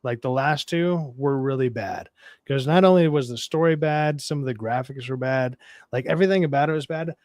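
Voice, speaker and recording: Raspy-voiced guy rambling and cussing on a podcast, dry mic, no room sound. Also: normal speed, darkish tone, dry recording. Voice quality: low and raspy. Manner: profane, rambling, wry. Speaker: podcast co-host reviewing movies. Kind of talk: casual podcast chat.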